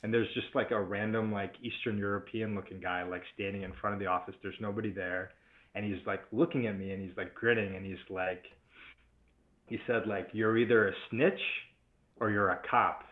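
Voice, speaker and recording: Laid-back man, lowish voice, dull audio. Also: fairly quick. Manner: relaxed, laughs often while storytelling. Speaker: podcast co-host, former prosecutor. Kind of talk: casual podcast conversation.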